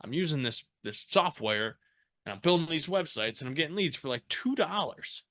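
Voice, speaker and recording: A man telling his own story as a podcast guest, casual and animated, swearing freely and acting out the people he quotes. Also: a little high, normal speed.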